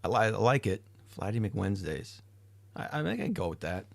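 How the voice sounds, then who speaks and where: A man's voice: on the low side, sing-song, brisk, creaky, dry recording. A tired man hosting a livestream, chatting casually with his chat, rambling and swearing now and then. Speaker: livestream host. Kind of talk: casual chat reading live chat.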